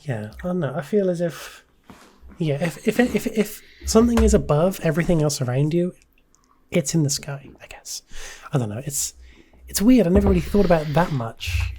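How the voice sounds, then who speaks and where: A woman hosting a relaxed podcast, her voice mellow and soft-edged. She talks in a hesitant, searching way, often restarting and trailing off with "I don't know.". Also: on the low side, moderate pace, slight background noise. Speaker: podcast host. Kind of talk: casual podcast chat.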